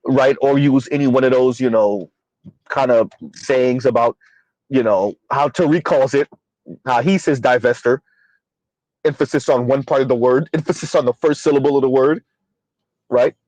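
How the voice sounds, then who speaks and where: A man's voice: mid-range voice, normal speed, a little mellow, no room sound, poor audio. A man hosting a casual commentary stream, rambling with fillers, addressing his chat and calling himself by name in third person. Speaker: commentary channel host.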